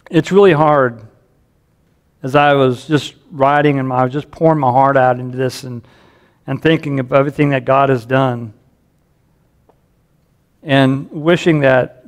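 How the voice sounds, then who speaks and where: A man preaching a sermon as a pastor, earnest and caring, his voice rising when he reads scripture aloud. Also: mid-range voice.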